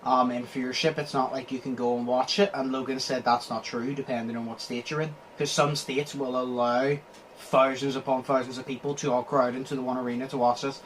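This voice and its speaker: A man's voice: mid-range voice, little pitch movement, brisk, slight background noise, poor audio. A man hosting a casual podcast, rambling through stories and swearing often. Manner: rambling, swears a lot, acts out quotes. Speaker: podcast host.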